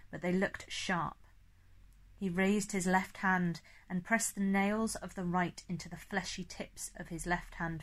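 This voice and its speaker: A woman narrating an audiobook in a steady, clear storytelling manner. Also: fairly low pitch. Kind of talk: scripted narration.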